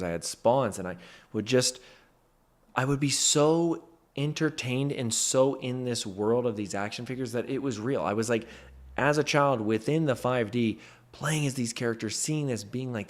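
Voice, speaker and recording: A man in a motivational talk to camera, a mentor who speaks emphatically and stresses his points with "freaking". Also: medium pitch.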